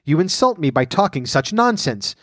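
A man's voice: a little high, very animated, normal speed, no echo, clean studio sound, pitched above the performer's own voice. A man voicing a touchy, easily offended mouse who speaks severely, in a storybook reading. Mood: indignant. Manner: severe, sharp, indignant.

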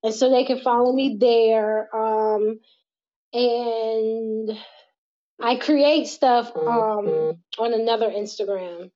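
Appearing as an interview guest, a young woman who is a model and mother speaks candidly and casually, laughing easily and swearing freely. Her slightly high voice is slow and mellow with fairly even intonation, and the audio sounds dull and muffled.

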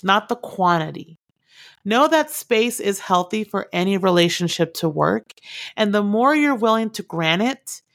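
Gravelly woman giving relationship advice. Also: medium pitch. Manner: direct, earnest, repeats key points for emphasis. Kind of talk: advice talk to camera.

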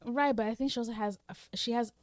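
A woman's voice: a little high, fairly even intonation, fast, no echo, clean studio sound. A woman co-hosting a podcast, chatting casually and playfully teasing while recapping a book. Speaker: podcast co-host. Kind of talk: casual book-club chat.

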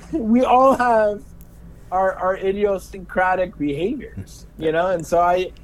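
Speaking without hurry in a high voice, a middle-aged special education teacher laughs his way through stories in a casual interview, repeating words often. The animated storytelling is captured on a low-quality recording.

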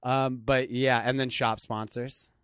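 A man with a slight lisp and a mixed Seattle and New York accent that comes out Midwestern, joking deadpan as a podcast guest. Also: mid-range voice, unhurried, clean tone, no room sound, studio quality. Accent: mixed Seattle and New York, heard as Midwestern. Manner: deadpan joking, laughs often. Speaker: guest comedian. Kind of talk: casual podcast chat.

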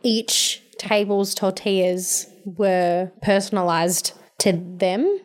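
Brief: female co-host, casual and animated, jumps in on film recap. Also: mid-range voice, slow. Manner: animated, jumps in to finish sentences. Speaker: podcast co-host.

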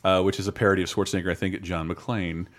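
A man hosting a podcast in casual, animated chat, swearing now and then. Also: low voice, very fast. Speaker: podcast host.

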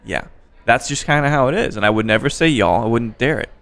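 A man's voice: mid-range voice, expressive, fast talker, fairly bright tone. A man from the American Midwest hosting a casual chat, talking in a conversational, wry way. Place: bar by a window.

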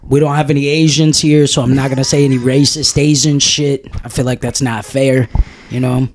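A man's voice: mid-range voice, level tone, fairly quick, slight background noise. A man co-hosting a podcast, rambling in casual chat, blunt and profane. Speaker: podcast co-host.

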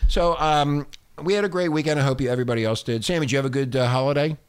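A man's voice: medium pitch, very fast, clear, resonant tone. A man hosting a crude talk radio show from a studio, teasing his co-hosts and laughing often. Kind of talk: crude casual radio banter.

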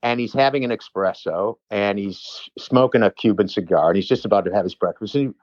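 A man's voice: lowish voice, brisk, darkish tone, dry recording, muffled recording. A man, a personal trainer, telling a long rambling story in casual chat with many restarts and asides.

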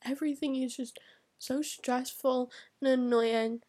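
A woman's voice: sits high, steady tone, measured pace, warm tone. A teenage girl, crying and venting in a rambling confessional vlog, often dropping to a whisper. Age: teens. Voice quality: gravelly fry, often drops to a whisper. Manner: rambling, upset, venting in broken phrases. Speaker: vlogger.

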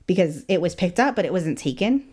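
Animated low-voiced woman telling a story. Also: a little fast. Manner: animated, acts out quotes, laughs often. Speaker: guest storyteller. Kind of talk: casual true-crime storytelling.

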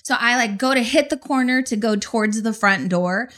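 Woman in her 40s telling a wild story, higher voice, really bright, swears a lot. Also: normal speed. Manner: animated storytelling with frequent swearing. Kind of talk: casual anecdote on a talk show.

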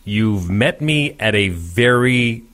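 Animated man in his forties telling a story. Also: lowish voice, takes it slowly. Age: 40s. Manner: animated storyteller acting out quoted voices. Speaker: radio morning show host. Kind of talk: casual storytelling on air.

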